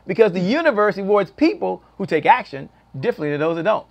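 A man hosting a talk show, energetic and emphatic, often repeating his words. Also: sits high, fast talker, few pauses. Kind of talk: upbeat interview hosting.

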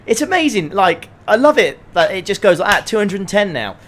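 A man commentating his own sim race on a live stream, excitable and chatting to his viewers. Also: high-pitched, brisk, slight background noise. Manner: excitable, laughs often, chats to viewers.

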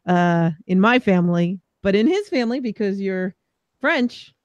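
A man hosting a podcast, reflecting thoughtfully in a relaxed chat. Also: sits high, normal speed, no room sound, highs cut off. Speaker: podcast host. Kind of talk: casual chat.

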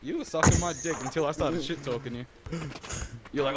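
A man's voice: a little high, fairly quick, a loud crowd. A man gaming in party voice chat, hurling repetitive insults in heated trash talk.

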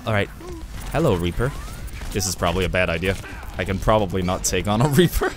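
A young man giving excitable live gameplay commentary, with loud outbursts and swearing. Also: low-pitched, fast, long pauses. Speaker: gamer streamer.

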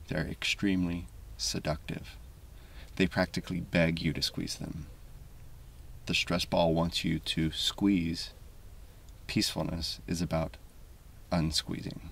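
Reading from a script, the male narrator of a video essay speaks with a deep, gravelly, husky voice that stays flat. His pace is calm, even and deliberate, and the mic seems to sit a bit far away.

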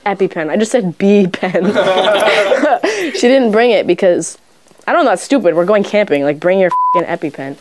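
A young woman casually telling a childhood story, rambling with lots of fillers and swearing freely, rushing and then slowing and getting loud at the tense parts. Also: mid-range voice, background noise. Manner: rushes and slows in bursts, gets loud in tense parts. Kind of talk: casual anecdote.

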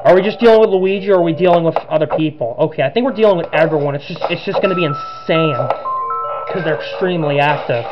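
A man giving excitable let's-play commentary on a horror game, narrating each move as he plays. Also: fairly high pitch, quick pace, dull audio, loud music behind the voice. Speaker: gaming channel host.

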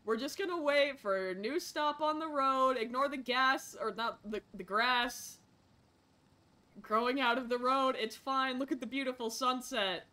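A young woman whose voice sits high keeps a measured pace while streaming a game as a frazzled parent. The commentary is chaotic, her excitable mutters erupting into sudden shrieks.

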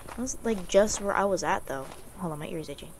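A woman's voice: fairly low pitch, lively intonation, fairly quick, background noise. Swearing young woman gasping through horror. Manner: swearing, gasping often, rambling asides. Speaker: gaming streamer. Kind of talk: horror game playthrough commentary.

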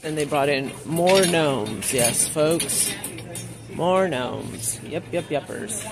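A woman's voice: low-pitched, expressive, slow, background noise. A woman vlogging as she shops a store, chatty and gushing over what she finds, reading the greetings on cards aloud. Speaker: shopping vlogger. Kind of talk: casual shop-with-me narration. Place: inside a large store.

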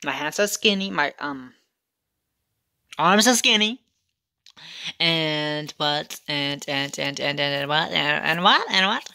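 A woman's voice: low-pitched, lively intonation, takes it slowly, creaky, long pauses, pushed and bright. A woman talking straight to camera in a rambling couponing storytime vlog, sassy and repetitive, often circling back over her own words. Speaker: couponing vlogger.

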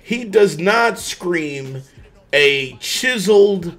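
A man co-hosting a casual gaming talk show, animated, swearing freely and laughing often. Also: high-pitched. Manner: animated, profane, quick to laugh. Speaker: podcast co-host. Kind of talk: casual chat.

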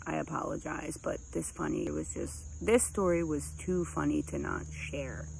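A woman telling a crude, comic personal story in an animated, casual way into a phone. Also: deep voice, normal speed, vocal fry, few pauses, slight background noise, poor audio.

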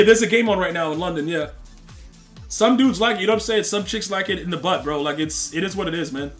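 A young man live-streaming a game, chatting casually with his viewers and trash-talking opponents in loose slang. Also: high voice. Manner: slangy, rambling, talks to chat and opponents.

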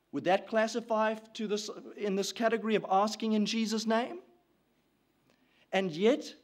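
Male preacher, high-pitched, dramatic sermon delivery swinging from hushed to loud. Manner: voices the prayers of grieving people.

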